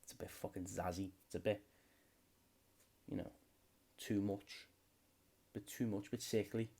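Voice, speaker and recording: A man's voice: low-pitched, vocal fry, darkish tone. A young British man hosting a solo comedy podcast, rambling freely and swearing a lot. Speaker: podcast host.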